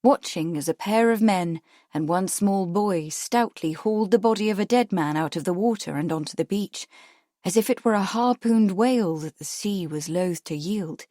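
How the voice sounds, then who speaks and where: A woman's voice: medium pitch, normal speed, no echo, studio quality. A woman reading a period mystery novel as an audiobook narrator. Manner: steady storytelling reading. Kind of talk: scripted narration.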